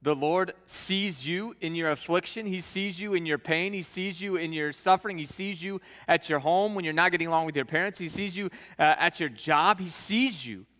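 A man's voice: high voice, moderate pace, few pauses, sharp tone, big-room sound. A male preacher giving a casual, conversational sermon, mixing scripture reading with modern slang.

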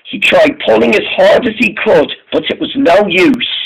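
A man's voice: sits high, lively intonation, normal speed, vocal fry, slightly rough, low-quality recording. A man telling an improvised story about steam engines, often stumbling and restarting his sentences.

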